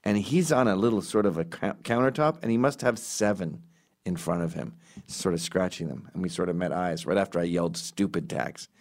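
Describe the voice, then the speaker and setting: A middle-aged man telling comic stories in a rambling, self-correcting way, squeaking up for quoted voices. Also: fairly quick, darkish tone. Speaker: comedian. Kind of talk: casual storytelling monologue.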